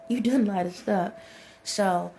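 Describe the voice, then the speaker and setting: A woman's voice: medium pitch, takes it slowly, dark tone. A woman, talking to her viewers in a rambling spiritual monologue, laughing often and speaking to presences only she feels.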